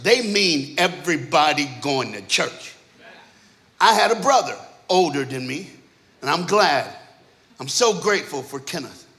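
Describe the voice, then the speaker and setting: A man preaching in a church, telling comic stories from his childhood with lively, punchy delivery and acting out family members. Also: fairly high pitch. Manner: animated, punchy storyteller who acts out family characters. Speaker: guest preacher. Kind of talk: comedic storytelling sermon. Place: church auditorium stage.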